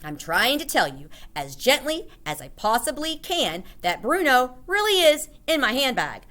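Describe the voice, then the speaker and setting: A woman voicing a patient older grandmother who speaks calmly and firmly. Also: high-pitched, moderate pace, voice pushed up.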